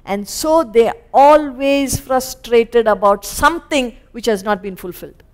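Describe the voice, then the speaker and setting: A woman with an Indian English accent teaching scripture as a spiritual teacher, animated and acting out little scenes. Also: on the high side, measured pace. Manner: animated, acts out little scenes in quoted voices. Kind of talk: lecture on scripture. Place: lecture hall.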